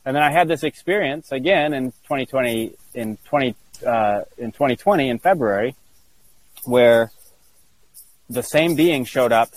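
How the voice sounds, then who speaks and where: A man as an interview guest, telling a personal story earnestly, halting with many restarts and fillers. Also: medium pitch, rough recording.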